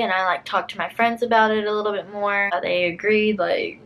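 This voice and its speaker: A woman's voice: medium pitch, animated, brisk, few pauses, a bit bright, poor audio. A young woman YouTuber telling a personal story to camera in a storytime vlog, chatty and full of fillers, acting out what people said. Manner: chatty, many fillers, acts out quotes.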